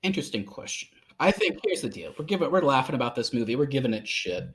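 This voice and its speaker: A man's voice: mid-range voice, very animated, fast talker, a bit bright. A man co-hosting a movie podcast, rambling casually with lots of fillers and laughter. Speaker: podcast co-host. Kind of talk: casual film discussion.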